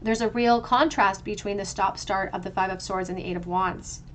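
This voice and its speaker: A woman's voice: medium pitch, fairly even intonation, moderate pace, a bit bright, slight background noise. Woman giving a flowing tarot reading. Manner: flowing, reflective, spiritual phrasing with frequent restarts. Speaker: tarot reader. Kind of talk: tarot card reading monologue.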